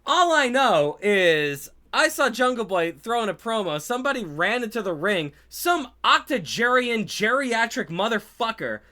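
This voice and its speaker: Man, sarcastic profane wrestling rant, high bright voice, lively swings. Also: moderate pace, few pauses. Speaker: wrestling show reviewer. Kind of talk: casual ranting commentary.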